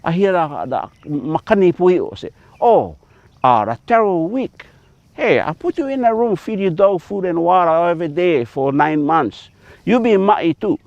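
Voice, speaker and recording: A man's voice: sits high, lively intonation, normal speed, gravelly, darkish tone, dry recording, highs cut off. A man with a Hawaiian Pidgin accent, a farmer teaching outdoors on a taro farm in a folksy, emphatic way, mixing in Hawaiian words.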